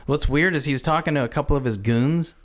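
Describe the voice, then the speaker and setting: A man co-hosting a podcast, casually recalling a film's scenes in a relaxed, thinking-aloud manner. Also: a little high, fast. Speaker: podcast co-host. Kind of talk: casual movie recap chat.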